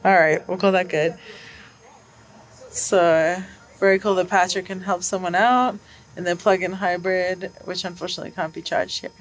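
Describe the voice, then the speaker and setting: A woman's voice: lowish voice, fairly even intonation, moderate pace, noisy background. Upbeat woman giving playful commentary. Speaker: vlog co-host. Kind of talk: casual vlog chat.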